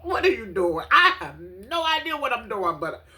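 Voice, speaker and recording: A woman, telling a casual, animated story in a vlog from her apartment, swearing, laughing and exclaiming dramatically. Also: on the high side, normal speed. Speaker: vlogger.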